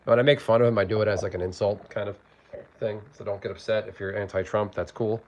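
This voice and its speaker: Man, gravelly, rambling cooking livestream, phone mic, dull lo-fi sound, faint noise. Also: fairly low pitch, steady tone, quick pace, darkish tone. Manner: rambling, chatty, reads out chat. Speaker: livestream host. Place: home kitchen.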